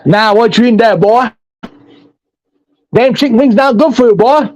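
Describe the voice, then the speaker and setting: A man's voice: very high-pitched, normal speed, pitched above the performer's own voice. A man voicing a rowdy hillbilly who mocks city folks in a put-on drawl. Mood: teasing, rowdy. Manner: drawling, teasing, loud.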